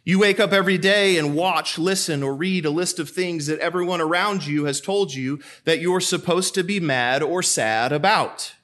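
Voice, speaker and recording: A man's voice: on the high side, normal speed, hardly any pauses, a bit bright. A man, a priest, preaching a sermon in a church, asking rhetorical questions and repeating them for emphasis.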